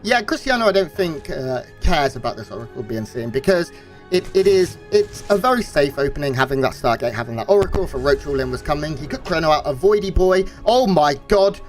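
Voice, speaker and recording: Relaxed male color caster. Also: a little high, brisk, soft background music. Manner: analytical, relaxed, with fillers. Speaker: esports co-caster. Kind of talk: color commentary.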